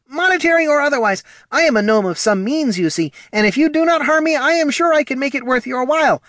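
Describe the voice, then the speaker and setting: A man's voice: high voice, normal speed, a bit bright, no room sound, clean studio sound, pitched above the performer's own voice. A man voicing a small, anxious male gnome businessman who stammers and rambles in panic. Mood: panicked.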